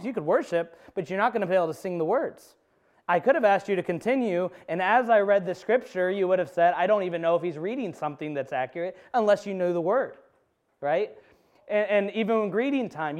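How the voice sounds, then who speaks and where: A pastor preaching a conversational sermon in a church, telling personal stories with self-deprecating humor. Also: male voice, high-pitched, a little mellow, clear, resonant tone. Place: church sanctuary.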